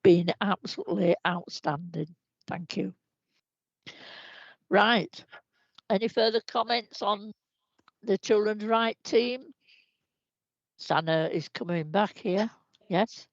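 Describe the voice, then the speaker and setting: A woman chairing a council board meeting, giving warm, effusive thanks. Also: medium pitch, takes it slowly, long pauses, no room sound. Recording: slightly muffled livestream audio.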